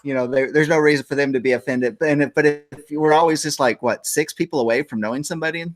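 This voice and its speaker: A man's voice: fairly high pitch, quick pace. A middle-aged man hosting a casual morning show, rambling and joking, often laughing. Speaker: host.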